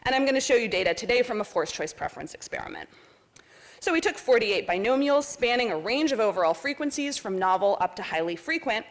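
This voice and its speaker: A woman presenting research at an academic conference, explaining step by step in a clear, methodical way with many examples. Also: medium pitch. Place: lecture hall.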